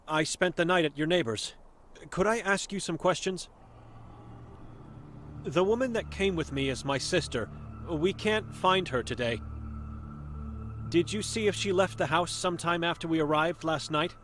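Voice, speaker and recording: A man's voice: on the high side, moderate pace, pauses often, fairly bright tone, a little hiss or hum, close to an everyday voice. A man voicing a young monk in a game who presses with earnest questions about his missing sister. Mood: urgent, earnest.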